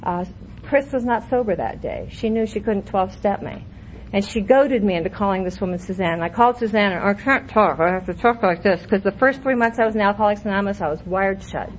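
A woman's voice: mid-range voice, animated, a little fast. A middle-aged woman sharing her recovery story at a meeting, candid and wry, breaking into laughter as she tells it. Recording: muffled lo-fi recording with faint hiss.

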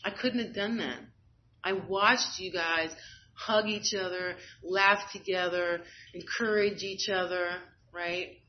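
In a slightly dull, lo-fi recording with some background noise, a woman shares her testimony at a recovery meeting. Her fairly low voice is steady and slow as she speaks candidly, often laughing at her own expense.

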